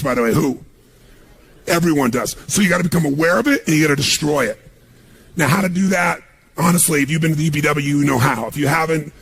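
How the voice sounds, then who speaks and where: A man giving a motivational seminar talk on stage, energetic and punchy, firing questions at a live audience. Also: a little high, creaky. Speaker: motivational speaker.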